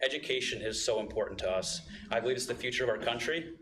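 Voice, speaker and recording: At a board meeting, a man gives an impassioned, emotional public comment that rises into loud, emphatic outbursts. His medium-pitched voice moves at a quick pace in an echoey room.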